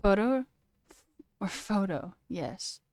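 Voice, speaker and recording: Speaking slowly in a mid-range voice, a woman in her twenties chats casually on her coding livestream while reading stream chat. She's chatty and prone to animated rants, says "like" a lot and swears.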